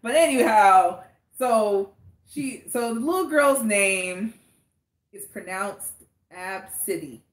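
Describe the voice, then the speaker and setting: A woman's voice: on the high side, slow pace. Laughing woman co-host in an echoey room. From Los Angeles area. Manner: animated, laughs often, trails off in restarts. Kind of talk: casual podcast chat.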